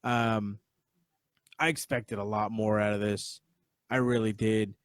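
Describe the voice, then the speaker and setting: A man's voice: on the low side, little pitch movement, unhurried, no echo. A man hosting a podcast, giving a casual, rambling, profane review of a wrestling event on a live stream. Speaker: podcast host.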